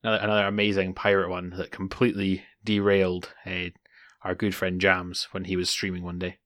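A man's voice: low voice, monotone, brisk, a bit bright. A man co-hosting a casual podcast, telling jokes in a dry, wry way. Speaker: podcast co-host.

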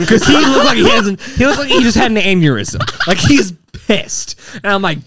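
Animated young man telling a story. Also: high-pitched, moderate pace, hardly any pauses, heavy background noise. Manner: animated storyteller, swears, laughs often, acts out quotes. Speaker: podcast co-host. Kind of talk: casual storytelling chat.

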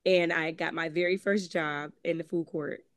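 A woman's voice: sits low, fairly even intonation, normal speed. A woman with a Connecticut accent recounts her past as an interview guest, speaking candidly with plenty of "um" and "like". She slips into quoted voices as she tells it. The sound is dry, with no room echo. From Connecticut, USA. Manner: candid, conversational, frequent "um" and "like", acts out quoted voices. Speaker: guest author. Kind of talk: personal storytelling in interview.

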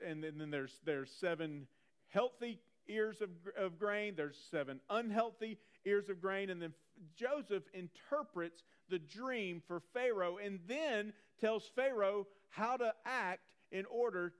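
A man preaching a sermon in a conversational way, animated and repeating phrases for emphasis. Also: sits high, smooth. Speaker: pastor.

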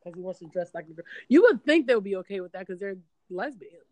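A woman's voice: medium pitch, very animated, fast talker, dry recording. A woman co-hosting a casual podcast chat, congested with a cold, blunt and slangy. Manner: blunt, slangy, incredulous reactions. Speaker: podcast co-host.

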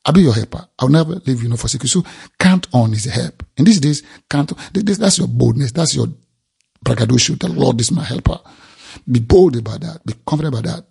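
Gravelly, husky-voiced preacher man. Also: medium pitch, a little mellow. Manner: emphatic, repeating phrases for effect. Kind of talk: sermon.

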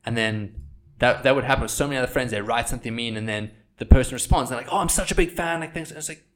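A young man in casual podcast chat, a filmmaker and content creator who swears freely and acts out quotes in high, mocking voices. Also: rapid-fire.

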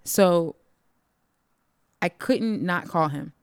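A woman telling a personal story in casual chat, animated and profane, acting out the lines of the people in it. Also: on the low side, drawn-out words, clear, resonant tone, no echo, studio quality. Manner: animated, profane, acts out quoted dialogue.

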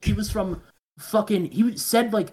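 A man's voice: high-pitched, measured pace, a little mellow. A man, a podcast guest, telling rambling stories in casual chat, swearing often and mumbling the voices of people he quotes.

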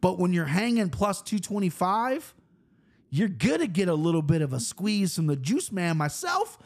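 Animated profane male picks-show host. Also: high voice, normal speed. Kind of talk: casual betting chat.

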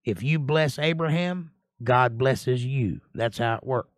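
A man with a mid-range voice leads a casual livestream Bible study, speaking a little slowly in clean, echo-free studio sound. Folksy and chatty, he reads scripture aloud, explains and comments on it, and greets viewers by name.

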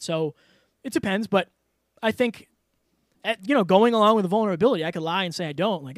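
A man's voice: high-pitched, fairly quick, long pauses, dry recording, clean studio sound. A man talking openly and earnestly as a podcast guest, with lots of "like" and "you know" fillers. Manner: earnest, open, filler-heavy. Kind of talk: casual interview talk.

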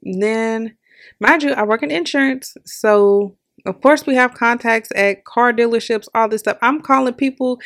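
A young woman hosting a podcast, telling a personal story in a candid, animated way with lots of laughs and filler words. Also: a little high, measured pace. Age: young adult. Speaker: podcast host.

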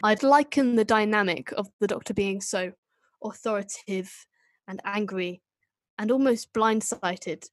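A woman's voice: mid-range voice, a little slow, dry recording. A woman co-hosting a podcast, chatting casually and enthusiastically, with a self-deprecating manner. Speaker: podcast co-host. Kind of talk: casual chat about a TV show.

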